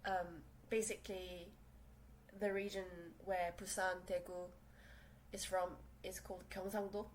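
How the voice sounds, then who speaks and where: This young South Korean podcast host, an English second-language speaker, rambles through a casual solo episode from her small room with frequent fillers and restarts. Her fairly low voice is level and unhurried, and the low-quality recording has slight background noise.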